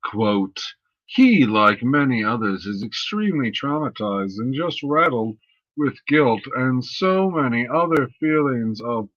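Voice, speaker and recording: A man's voice: medium pitch, animated, unhurried, no echo, lo-fi sound. A man co-hosting a show who reads news aloud in a matter-of-fact way and chats casually. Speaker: co-host.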